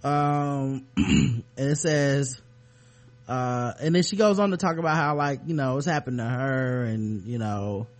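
A man co-hosting a podcast in loose, casual chat, clearing his throat now and then. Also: medium pitch, measured pace. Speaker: podcast co-host.

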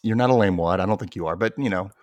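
A man hosting a podcast in a casual, animated chat, laughing and swearing freely. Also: on the low side, racing, no room sound. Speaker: podcast host.

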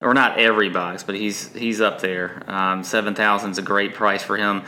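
Bright, lowish man hedging golf picks. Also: level tone, moderate pace, a little hiss or hum. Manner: hesitant, many restarts, defensive when teased. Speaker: podcast co-host. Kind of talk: casual sports betting chat.

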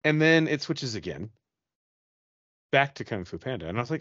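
A man's voice: mid-range voice, moderate pace, pauses often, no echo, muffled recording. A man on a podcast casually telling a ghost story, profane and rambling, acting out his own reactions. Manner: profane, rambling, animated retelling.

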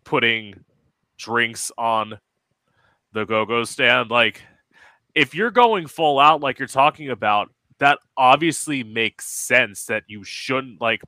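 A man hosting a casual interview, relaxed and agreeable, swearing casually. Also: mid-range voice, takes it slowly, no echo. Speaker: host.

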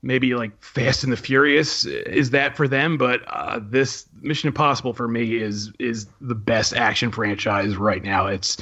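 A man's voice: mid-range voice, steady tone, unhurried, hardly any pauses, pushed and bright, dull audio. A man talking casually and hesitantly as a podcast co-host, with frequent ums and restarts. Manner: chatty, hesitant with many ums. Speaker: podcast co-host, film writer. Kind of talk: casual chat.

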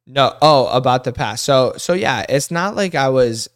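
A man's voice: medium pitch, expressive, normal speed, fairly bright tone, no echo, clean studio sound. A young man in his twenties co-hosting a couple's podcast, speaking earnestly in a rambling, casual way. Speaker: podcast co-host.

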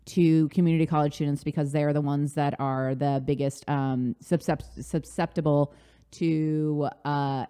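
A woman from the United States, a life coach chatting as a guest in an interview, animated and talkative, with lots of "like". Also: low-pitched, a little slow, clean tone. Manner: chatty, animated storytelling with frequent "like". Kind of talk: casual interview chat.

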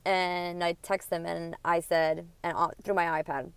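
A woman's voice: fairly low pitch, little pitch movement, unhurried, smooth, no room sound. A woman in her thirties hosting a podcast, telling a personal story in a heated, rambling way and swearing often. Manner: profane, indignant, rambling. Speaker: podcast host.

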